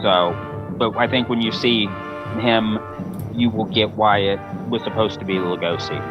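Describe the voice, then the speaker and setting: A man's voice: on the low side, fairly even intonation, measured pace, over music. Brief: casual male podcast host, enthusiastic film commentary, dull muffled sound. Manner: chatty, profane, enthusiastic.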